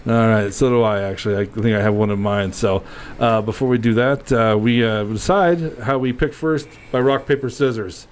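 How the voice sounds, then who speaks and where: A man's voice: medium pitch, moderate pace, slight background noise. A man co-hosting a podcast, chatting casually and often laughing as he jokes. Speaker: podcast co-host. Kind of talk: casual chat.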